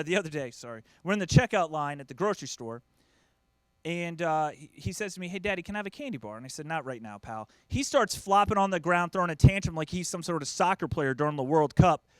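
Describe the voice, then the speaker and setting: A man with a high, lively voice performs a stand-up set, swinging his pitch up and down as he plays his wife and kids. The sound is dry and close, with little room echo. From United States. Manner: animated, acts out family members in quoted voices. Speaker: stand-up comedian.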